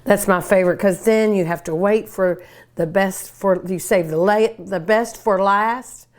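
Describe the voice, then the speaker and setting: A woman's voice: medium pitch, measured pace. An older woman hosting a cooking show, chatting and gushing enthusiastically while she eats. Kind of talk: casual cooking show talk.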